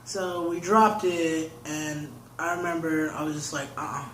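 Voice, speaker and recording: A man's voice: on the high side, level tone, unhurried, a bit bright, slight background noise. A young man, an interview guest, telling a long story in casual talk, rambling and filling his sentences with "like". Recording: roomy echo.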